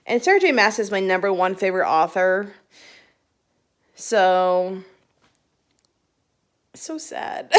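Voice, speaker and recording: A young woman chatting casually to her phone camera about books she read, giggly and rambling with restarts. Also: mid-range voice. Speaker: book vlogger. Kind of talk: casual book chat to camera.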